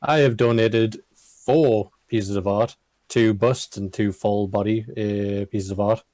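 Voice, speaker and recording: A man's voice: fairly low pitch, fairly even intonation, slow, a little mellow, dry recording. A man, an artist guest on a video-call stream, speaking plainly and matter-of-factly. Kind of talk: casual chat.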